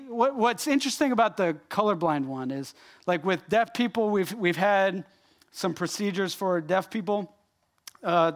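Male pastor, higher voice, delivering an animated sermon straight to the congregation. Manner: animated and emphatic, addressing the room directly.

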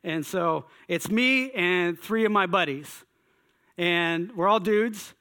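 A man telling a personal story in an animated way, acting out his own thoughts with exclamations. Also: high-pitched, takes it slowly, smooth.

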